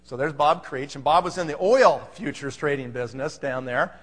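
Guy up front at a seminar telling a story, pretty high voice, emphatic, keeps saying okay, big echoey hall. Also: moderate pace, fairly bright tone. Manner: emphatic, conversational, frequent "okay?" check-ins. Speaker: presenter at a business seminar. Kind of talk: storytelling presentation to a live audience.

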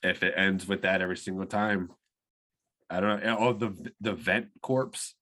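A tipsy man on a podcast chatting about a movie, laid-back and wry, with halting restarts. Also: sits low, fairly even intonation, pushed and bright. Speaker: podcast co-host. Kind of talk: casual movie chat.

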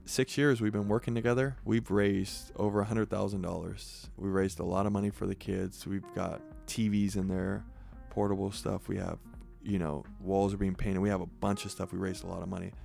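A man's voice: on the low side, gravelly. A man from San Jose, a sheriff's sergeant, telling stories earnestly in an interview and acting out what people said. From San Jose, California. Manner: earnest, animated storyteller acting out quotes. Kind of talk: conversational interview storytelling.

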